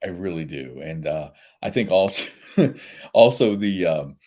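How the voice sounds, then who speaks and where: Animated man telling stories. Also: low voice, unhurried. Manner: animated storyteller, laughs often. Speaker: guest. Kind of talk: casual interview chat.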